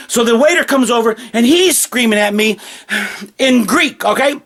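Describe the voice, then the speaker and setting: A man's voice: extremely high pitch, animated, moderate pace, fairly bright tone. A man recounts a wild encounter in loose, conversational storytelling. He swears often, repeats himself for emphasis and restarts sentences as the memory comes back. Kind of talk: casual spoken anecdote.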